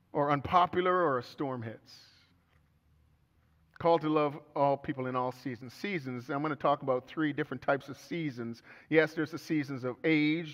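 Bright-voiced man preaching a sermon. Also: on the high side. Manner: humorous storytelling with earnest turns. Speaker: pastor. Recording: echoey hall, dull sound.

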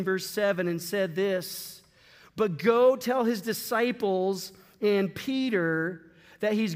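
A man preaching a sermon to a congregation, swinging from loud bursts to hushed, drawn-out words. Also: high-pitched. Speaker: pastor. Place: church sanctuary. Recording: long hall reverb.

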